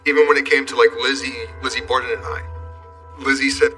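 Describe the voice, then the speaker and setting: A man's voice: medium pitch, flat delivery, brisk, bright, forceful tone, far from the mic, faint music behind. A man, a former wrestler, candidly recounting events in an interview, with blunt profanity. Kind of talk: interview storytelling.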